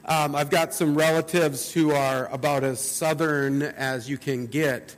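A man's voice: on the high side, steady tone, measured pace. A man with a Midwestern US accent, a pastor giving a conversational sermon and reading scripture, often repeating words as he restarts. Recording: long hall reverb.

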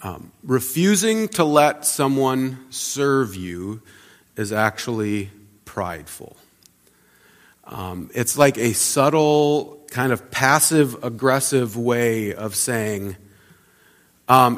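A pastor giving a conversational sermon, often restarting and repeating words. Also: male voice, mid-range voice, animated, slow pace, long reverb tail.

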